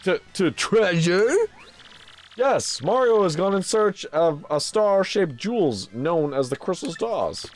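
A man's voice: sits high, expressive, slow, soft background music, pitched above the performer's own voice. Dude doing an old witch lady from a game, super polite and sucking up, voice swings around. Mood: fawning. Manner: fawning, overly polite. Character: old female turtle witch, fussy servant. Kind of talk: voicing game dialogue during a playthrough.

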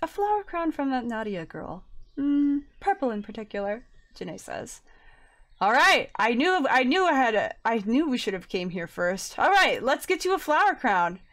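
A woman in a casual live-streamed game role-play, playful and excitable. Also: sits high, moderate pace. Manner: playful, excitable, laughs often. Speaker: role-player.

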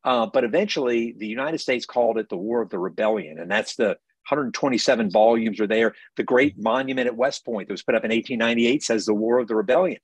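A man's voice: mid-range voice, quick pace, few pauses, breathy edge, no echo. An author with a faded Southern accent, talking in an emphatic book festival interview over a video call and often restarting his words.

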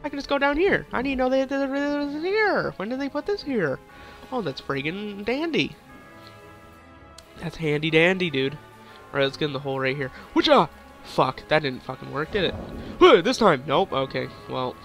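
A man's voice: sits high, sing-song, normal speed, fairly bright tone. A young man giving goofy, crude, rambling commentary while playing a game, with faint music behind. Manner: silly, crude, rambling jokes. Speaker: gaming YouTuber.

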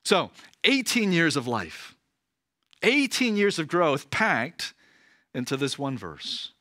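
Male preacher, lively delivery, conversational sermon, slightly high voice. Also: slow pace, no room sound, clean studio sound. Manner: conversational, frequent "right?" asides. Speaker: pastor.

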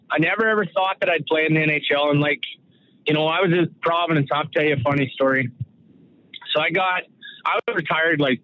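Middle-aged man from Saskatoon, rambling storyteller with a slightly high voice, dry, tinny phone-line sound. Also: dry recording. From Saskatoon, Canada. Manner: rambling, full of fillers and restarts, acts out quoted voices. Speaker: guest, former pro hockey enforcer. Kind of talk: casual storytelling interview.

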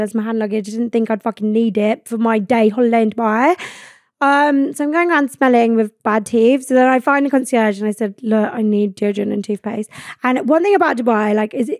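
A woman's voice: a little high, darkish tone, no echo, clean studio sound. A young woman, hosting a podcast and telling a story casually, swearing often and acting out what people said. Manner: chatty, swears a lot, acts out quoted lines. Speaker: podcast host. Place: podcast studio.

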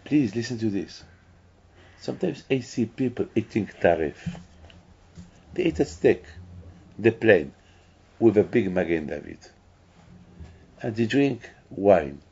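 A man's voice: fairly low pitch, lively intonation, a little slow, creaky, long pauses, warm tone, a little hiss or hum. A man delivering an emphatic sermon as a rabbi. He repeats himself and often restarts. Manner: emphatic, repetitive preaching with restarts. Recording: dull lo-fi recording.

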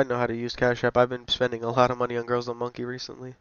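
Smooth-voiced man, crude mocking prank caller. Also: medium pitch, monotone, racing, no room sound, lo-fi sound. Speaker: prank caller on a video chat app. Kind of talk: trolling prank call.

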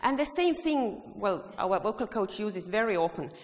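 A woman's voice: medium pitch, sing-song, normal speed. Woman leading a singing workshop in a hall. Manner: leads the audience through vocal exercises, often singing phrases. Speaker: choir education presenter. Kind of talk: workshop demonstration with sung examples. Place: large hall. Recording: long hall reverb.

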